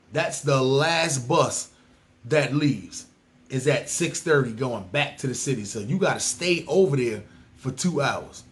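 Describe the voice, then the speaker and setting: A man with a New York City accent hosting a podcast, talking in a loose, animated, profane street style. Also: fairly high pitch. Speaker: podcast host. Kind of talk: casual monologue ranking places.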